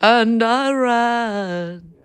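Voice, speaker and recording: A woman's voice: on the high side, very slow, clean tone. A woman co-hosting a podcast, skeptical and laughing in casual banter. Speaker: podcast co-host.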